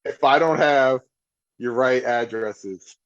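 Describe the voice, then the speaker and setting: Gravelly man on a dull, lo-fi line. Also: medium pitch, slow. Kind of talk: casual podcast chat.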